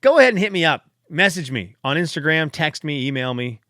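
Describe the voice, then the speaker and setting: A man's voice: a little high, big pitch swings, a little fast, a bit bright, slight background noise. A man hosting a solo podcast, chatting casually in a rambling, self-deprecating way, fired up late at night. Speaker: podcast host.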